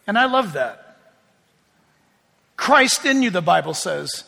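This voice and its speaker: A man's voice: high voice, sing-song, takes it slowly, gravelly, long pauses, sharp tone, in a large hall. A middle-aged man preaching a sermon as pastor, telling chatty stories with self-deprecating humor.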